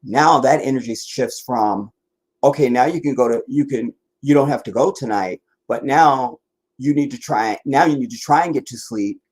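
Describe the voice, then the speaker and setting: Tired male stream host from the DC area, rambling casual chatter, breathy husky tone. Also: mid-range voice, moderate pace. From Washington DC area, US. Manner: meandering, many restarts and asides. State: tired, worn out. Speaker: livestream host.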